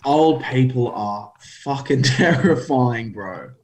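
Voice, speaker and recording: A young Australian man, a comedian guest, telling animated stories with lots of swearing and laughter in casual podcast chat. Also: medium pitch, slow. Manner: animated storytelling, laughs often, swears freely.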